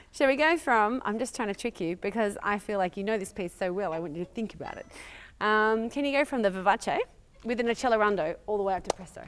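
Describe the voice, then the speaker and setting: A woman's voice: medium pitch, expressive, normal speed, clear, resonant tone. A woman with an Australian accent teaching a violin master class, asking probing questions and singing phrases aloud. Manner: encouraging, questioning, sings phrases.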